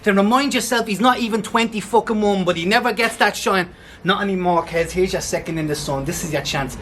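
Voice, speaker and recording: A man's voice: high-pitched, brisk, fairly bright tone, slight background noise. A man performing rap battle verses at an outdoor event, taunting and mocking his opponent and laughing between bars. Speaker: battle rapper.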